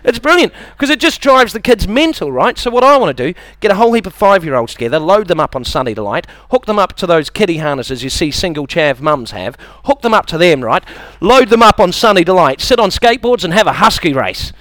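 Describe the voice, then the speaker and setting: A man's voice: sits high, big pitch swings, a little fast, fairly bright tone, no room sound. A man with a New Zealand accent doing a stand-up comedy set, chatty and self-mocking, slipping into silly impressions.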